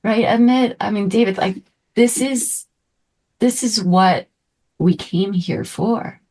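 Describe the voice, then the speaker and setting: A middle-aged woman leading a spiritual group talk as a manifestation coach, effusive and emotional, sometimes dropping into soft breathy asides. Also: medium pitch, slow pace.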